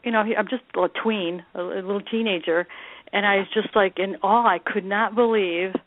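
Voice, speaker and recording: A woman's voice: medium pitch, steady tone, normal speed, dry recording. Woman from Detroit, interview guest, chatty and laughing, thin phone-line sound, dry. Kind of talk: casual interview chat.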